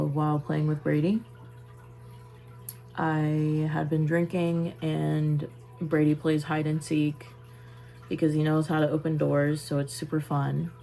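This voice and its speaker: A young woman telling a personal story in a casual vlog, halting and trailing off into soft asides while busy with a task. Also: low voice, vocal fry, poor audio. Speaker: vlogger.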